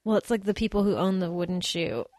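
A woman's voice: medium pitch, fast talker, darkish tone, no room sound. A woman hosting a casual chat, playful and chatty. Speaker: podcast host.

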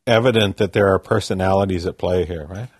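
A man with a fairly low voice tells stories in a relaxed podcast chat. He is animated and laughs easily between lines. His voice is recorded close and dry, with no room sound. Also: slightly rough, dry recording. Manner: animated storyteller, quick to laugh. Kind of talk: casual chat.

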